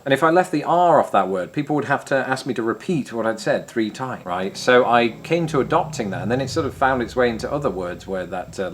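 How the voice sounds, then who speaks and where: A man with an English accent from Grimsby, with some American R sounds, chatting wryly to camera as he answers viewer questions. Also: mid-range voice. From England. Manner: chatty and wry, self-deprecating jokes. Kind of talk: casual chat to camera.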